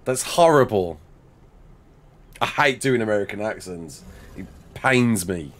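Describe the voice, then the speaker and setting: A man's voice: on the low side, expressive, measured pace. A man streaming a game live, chatting and joking with viewers, laughing often, on a headset mic. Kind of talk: live gameplay chat.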